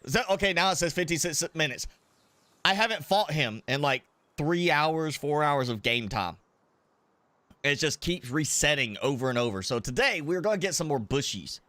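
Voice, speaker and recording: Give me a male game streamer talking casually while eating, with a bright, slightly high voice. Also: animated, normal speed, no room sound. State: coughing, sinuses clearing from spicy food. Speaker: gaming streamer. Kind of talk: casual live-stream chat.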